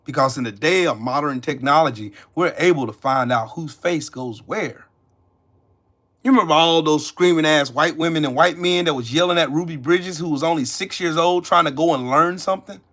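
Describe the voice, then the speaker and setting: A man's voice: on the high side, moderate pace, a bit bright. A man hosting his own channel, delivering an angry, profane rant that curses, accuses and repeats its lines. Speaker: channel host.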